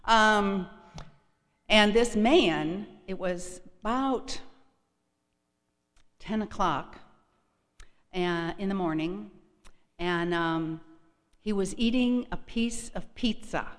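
A woman's voice: mid-range voice, very slow, pauses often. Wry woman telling a story in a hall. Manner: wry, frank and confiding. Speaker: speaker sharing a recovery story. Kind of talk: storytelling to a live audience. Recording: echoey hall.

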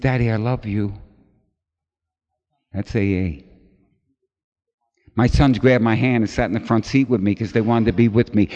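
A middle-aged man tells a personal recovery story in an animated way, putting on the voices of the people in it. The recording is dull and lo-fi, and his voice rings through a large hall with a long reverb. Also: medium pitch. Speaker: recovery meeting speaker.

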